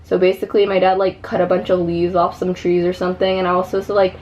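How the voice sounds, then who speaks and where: A woman's voice: lowish voice, flat delivery, fast, a little mellow, lo-fi sound, a little hiss or hum. A young woman vlogging at home, telling a story in a chatty, casual way, filling her talk with "like" and "you know.". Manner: chatty, many "like" fillers, re-enacts her own screams.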